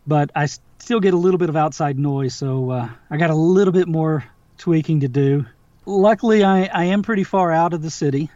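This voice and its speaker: Audiobook narrator, male, relaxed and chatty, slightly high voice, very dry, dull recording. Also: fairly quick, no room sound. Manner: relaxed, chatty, restarts often. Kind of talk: casual interview chat. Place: home backyard studio.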